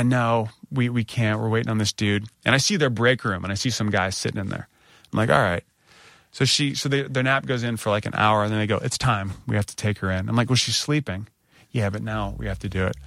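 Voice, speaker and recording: A man telling a long personal story in casual chat, raspy from a cold and animated, jumping his voice up high when he quotes people. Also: dry recording, clean studio sound. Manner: animated, acts out quoted lines in a higher voice.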